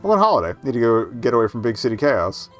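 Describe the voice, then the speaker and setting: A man's voice: medium pitch, sing-song, quick pace, fairly bright tone, faint music behind. A man voicing Diana, a cheerful, adventurous young woman on holiday, speaking in an upbeat, polite way.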